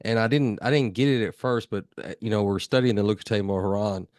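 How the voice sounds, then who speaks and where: Thoughtful low-voiced man in discussion. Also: fast, a little mellow, no echo, clean studio sound. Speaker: study group participant. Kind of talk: casual group discussion.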